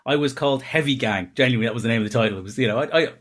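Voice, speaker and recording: A man's voice: medium pitch, racing, a bit bright. A man, a comedian guest telling rambling, self-interrupting comic anecdotes in casual chat.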